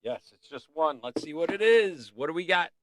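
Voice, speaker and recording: A man's voice: a little high, animated, normal speed, a bit bright. A man hosting a casual art livestream, rambling and easily sidetracked, breaking off to sing bits of songs. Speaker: livestream host.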